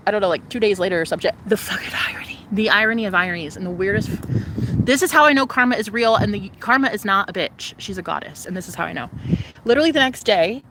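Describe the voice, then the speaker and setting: A young woman vlogger telling a personal story in an animated, profane, casual way, jumping between voices. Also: medium pitch, background noise.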